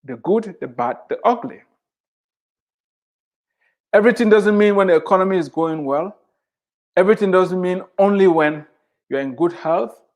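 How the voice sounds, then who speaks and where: Here a middle-aged Christian author and speaker, his voice high-pitched, animated and a little mellow, gives a devotional sermon. His delivery is slow and forceful, with drawn-out phrasing and scripture lines repeated for emphasis.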